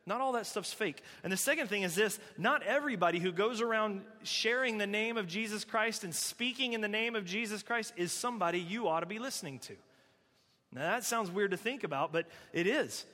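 A man preaching a sermon, telling a story in a conversational, animated way. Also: sits high, a little fast, in a large hall. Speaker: pastor.

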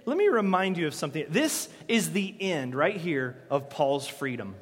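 A man preaches to his congregation in an animated way, sometimes shouting out the lines of the people in his story. His voice sits high for a man. A long reverb from the large church hall trails behind him. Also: normal speed, few pauses, slightly rough. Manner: animated, acts out quoted voices loudly. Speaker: pastor. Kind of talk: sermon.

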